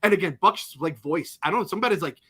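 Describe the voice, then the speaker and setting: A man co-hosting a sports podcast, venting fast and swearing freely. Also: high voice, sharp tone, slightly rough. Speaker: podcast co-host. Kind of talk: casual sports talk.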